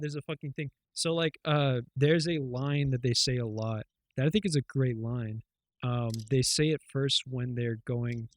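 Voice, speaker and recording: A man's voice: mid-range voice, no room sound. Rambling man in casual podcast chat. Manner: rambling, loose retelling full of fillers and swearing. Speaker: podcast co-host.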